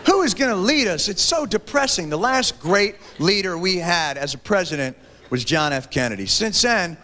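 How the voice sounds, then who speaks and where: A man performing a stand-up comedy set, animated and shouting his punchlines. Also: sits high, moderate pace, a little hiss or hum. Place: large theater stage with audience. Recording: 1990s VHS TV broadcast, hall reverb, laughing crowd. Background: audience laughter.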